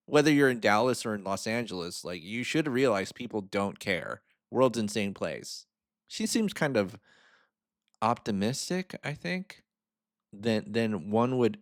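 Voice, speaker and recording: A man with a low voice talks through a video he is reacting to. His delivery is loose and conversational, and he often tags his points with a quick "right?". The sound is dry and close. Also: dry recording. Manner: chatty, asks "right?" often, frank opinions. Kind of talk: casual commentary on a video.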